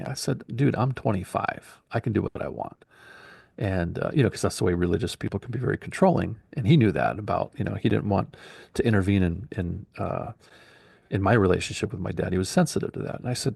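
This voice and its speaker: A man's voice: lowish voice, a little fast, vocal fry, darkish tone, slightly rough, dry recording. A man in his forties telling a long personal story in a casual, rambling way, acting out the dialogue he quotes.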